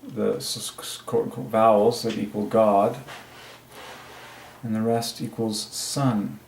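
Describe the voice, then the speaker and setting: A man's voice: fairly low pitch, fairly even intonation, slow pace, creaky, darkish tone, slight background noise. A man alone at his desk, working through letter counts and muttering to himself as he goes. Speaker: channel host. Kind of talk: solo religious word-number study. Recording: echoey room.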